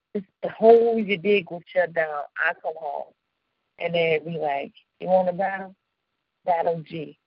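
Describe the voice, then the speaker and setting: A woman from the suburbs of Chicago hosting a radio show, telling personal stories in a casual, animated way with slang and frequent laughter. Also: mid-range voice, dry recording, dull audio. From Chicago suburbs, United States. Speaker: radio host. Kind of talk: casual storytelling chat.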